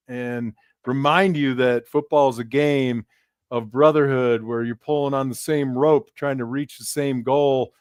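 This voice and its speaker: A middle-aged former player shares stories on a casual sports podcast, acting out the people in them. His voice is smooth and resonant, mid-pitched, and sounds dry and close. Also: no room sound. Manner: tells lively anecdotes, often acting out the voices of others.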